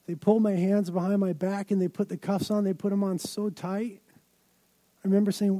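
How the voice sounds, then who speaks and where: A man's voice: high voice, steady tone, fairly quick, warm tone, no room sound. A man preaching a sermon, telling stories dramatically with emphatic build-ups. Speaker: pastor.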